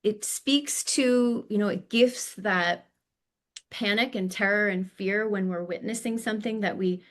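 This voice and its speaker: A woman's voice: mid-range voice, a little slow. A woman hosting a podcast, speaking reflectively and spiritually while searching for her words. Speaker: podcast host. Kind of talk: reflective conversation.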